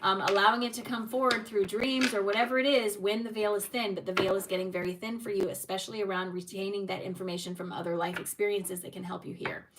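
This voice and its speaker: A woman's voice: mid-range voice, fairly even intonation, fast talker, few pauses, recorded from a distance, background noise. A woman giving tarot card readings on a livestream, speaking encouragingly and addressing viewers by name.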